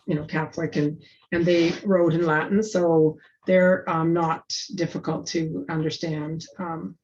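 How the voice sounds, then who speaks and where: A woman's voice: sits low, steady tone, a little mellow. Chatty woman on dull lo-fi audio. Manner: chatty, halting with restarts. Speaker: presenter. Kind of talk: casual storytelling in discussion. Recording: dull lo-fi sound.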